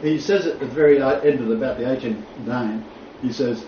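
A man's voice: medium pitch, fairly quick. A man teaching a Bible class in a blunt, joking way, often laughing. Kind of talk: informal lecture. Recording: echoey room from far off, dull, faint noise.

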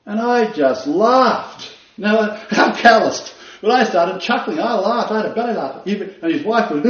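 A man preaches, his fairly high voice rising and dropping as he retells stories and hammers home repeated phrases. The sound is roomy and slightly muffled, like a lo-fi recording in a reverberant space. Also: lively intonation, moderate pace, few pauses, a bit bright. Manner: dramatic storytelling, repeats phrases for emphasis. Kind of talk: sermon.

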